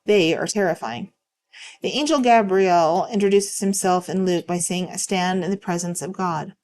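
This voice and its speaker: A woman reading online stories aloud in a calm, steady way. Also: on the low side, moderate pace. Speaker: narrator reading online posts.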